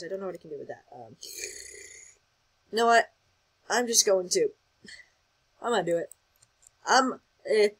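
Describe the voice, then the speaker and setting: A host giving casual gameplay commentary, excitable and rambling, thinking aloud as they play. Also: medium pitch, breathy edge, rough recording. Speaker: gaming channel host.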